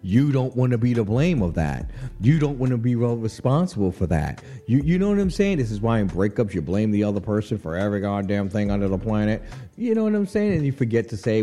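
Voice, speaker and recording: A man's voice: fairly low pitch, fairly quick. A man hosting a radio show, chatting casually and laughing often as he riffs on a celebrity breakup. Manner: animated, chatty, laughs often, frequent "you know what I'm saying". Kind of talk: casual on-air commentary. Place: radio studio.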